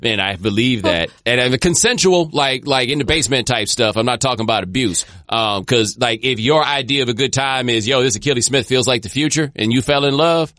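A man's voice: medium pitch, a little fast, hardly any pauses, bright, forceful tone, no echo, studio quality. A man guest on a sports podcast, chatting casually with wry, teasing, rambling jokes.

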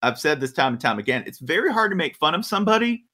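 A man's voice: fairly high pitch, big pitch swings, quick pace, pushed and bright. A man co-hosting a podcast, talking sports in an emphatic, casual way and often tagging his points with "right?". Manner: emphatic, keeps asking "right?". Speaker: podcast co-host.

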